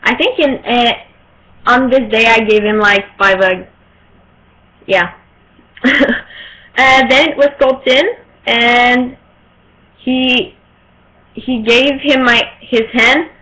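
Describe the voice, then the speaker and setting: Bright-voiced excited young French-speaking woman. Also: a little high, slow, pauses often. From Quebec, Canada. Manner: excited, rambling, searching for words. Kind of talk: casual vlog storytelling. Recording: poor-quality home recording.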